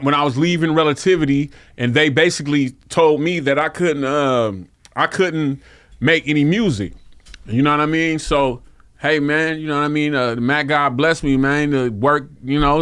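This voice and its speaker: A man's voice: a little high, fairly bright tone, smooth, no room sound, clean studio sound. A middle-aged man from Vallejo, California, a rapper guest telling stories in a laid-back, streetwise way, peppered with "you feel me.". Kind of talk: casual interview storytelling.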